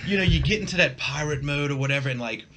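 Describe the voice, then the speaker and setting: Bright, animated male podcaster. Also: a little high, fast talker. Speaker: podcast co-host. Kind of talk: casual chat.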